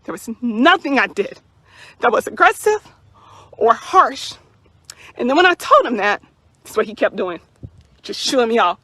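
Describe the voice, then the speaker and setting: A woman's voice: fairly high pitch, big pitch swings, unhurried, pauses often, pushed and bright, no echo. Indignant young woman, emphatic retelling. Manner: indignant, emphatic, with repeated words. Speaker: mother recounting a police encounter. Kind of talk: personal account to camera.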